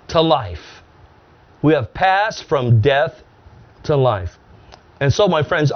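Preaching man, dull lo-fi sound. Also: a little high. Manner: emphatic preaching with drawn-out phrases. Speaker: pastor. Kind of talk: sermon.

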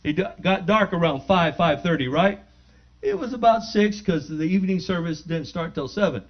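A man giving a spoken testimony in church, animated and acting out the dialogue as he tells it. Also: high voice, moderate pace. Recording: dull lo-fi recording.

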